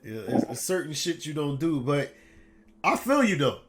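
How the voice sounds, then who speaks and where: A man hosting a gaming podcast, chatting casually and telling animated, profane stories in which he loudly imitates other people. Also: a little high, normal speed. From Detroit area. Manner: animated storyteller, swearing, loudly imitating callers. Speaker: podcast host. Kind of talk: casual chat.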